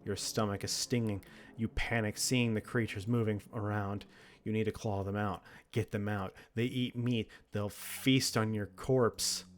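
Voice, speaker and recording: A man's voice: lowish voice, steady tone, a little slow. A man reading a text horror game aloud, with dramatic narration broken by laughs and reactions. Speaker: game streamer.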